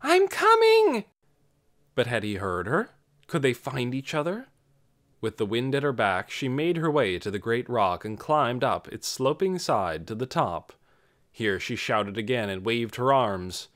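A male audiobook narrator reads with a lively, rising and falling voice. His storytelling is expressive and scripted. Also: mid-range voice, unhurried.

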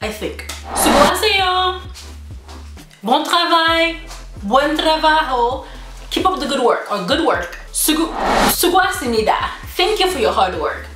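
Woman vlogger, playful and self-mocking, animated pitch, roomy sound with music behind. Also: unhurried. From United States. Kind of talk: casual vlog, practicing phrases aloud. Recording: roomy room with background music.

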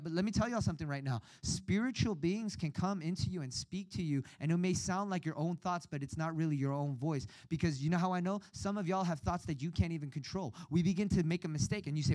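A young adult man preaching at a retreat, telling a personal story with animated delivery and acted-out quotes. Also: a little high, quick pace, hardly any pauses, no room sound, rough recording. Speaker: youth retreat speaker. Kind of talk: sermon.

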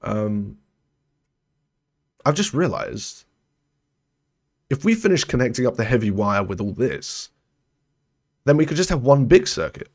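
A man's voice: very animated, unhurried, long pauses, darkish tone. Chatty young man streaming a game. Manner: chatty, rambling, self-correcting, trails off low. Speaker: gaming streamer. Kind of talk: casual let's-play commentary.

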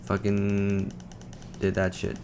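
A young man giving casual, joking commentary over a video game, trash-talking and breaking into loud shouts. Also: lowish voice, monotone, slow pace, creaky, a little hiss or hum. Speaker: gaming commentator.

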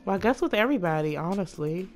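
A woman chatting casually through a life-sim game, gushing over her characters and voicing them in quick asides. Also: on the low side, animated, a little mellow, soft background music. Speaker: Sims let's play narrator. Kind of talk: casual gameplay commentary.

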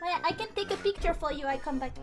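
A young woman streaming from her room, chatting in an excitable, shrieky way, swearing and dropping Japanese words. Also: high-pitched, fast, over music. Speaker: VTuber streamer. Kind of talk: casual live-stream chat.

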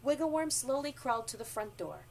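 A woman reading a children's storybook aloud, with expressive narration, recorded from a distance with faint noise. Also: a little high, brisk, vocal fry. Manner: expressive, animated.

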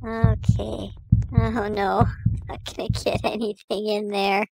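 A woman's voice: mid-range voice, little pitch movement, slow pace, gravelly, slight background noise, poor audio. A woman hosting a gaming channel, giving casual play-by-play commentary, chatty and fretting aloud with repeated words when chased. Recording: loud game music behind.

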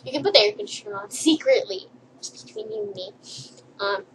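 Brief: high-pitched young female vlogger, playful and rambling, tossing off jokey tips. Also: sing-song, brisk, creaky, background noise. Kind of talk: silly comedic list vlog.

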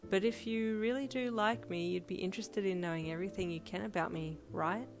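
A woman's voice: mid-range voice, brisk, lightly acted. A woman voicing a playful, affectionate young woman in a fan fiction audiobook, with lofi music underneath. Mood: teasing. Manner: teasing, fond. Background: lofi beat.

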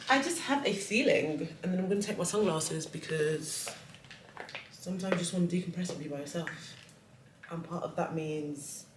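Getting ready in a hotel room, a young travel vlogger talks casually to her viewers with self-deprecating humor, her voice fairly low. It's a rough recording, roomy and far from the mic, with a little hiss or hum.

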